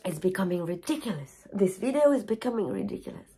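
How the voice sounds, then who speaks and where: A woman's voice: mid-range voice, big pitch swings, fast talker, dark tone, slightly rough. A woman yoga teacher speaking to camera in a candid personal video. She is emotional and openly tearful at times, and she jumps between thoughts, swearing freely. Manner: scattered, frank, swears freely.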